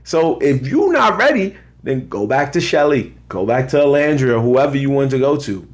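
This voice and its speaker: Host type: New York man, mid pitch, lively slang-heavy recap talk. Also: moderate pace. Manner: animated, slangy, talks straight to viewers. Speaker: show host. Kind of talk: casual reality TV commentary.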